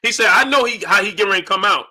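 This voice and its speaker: A man hosting a live-stream boxing talk show from home, greeting viewers in chat and loudly acting out his own shouting at the screen. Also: sits high, racing. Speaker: boxing channel host.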